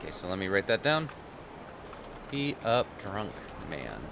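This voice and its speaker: Lively male gameplay commentator. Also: sits low, a little slow, creaky, noisy background. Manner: offhand, thinking aloud with fillers. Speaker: gaming video creator.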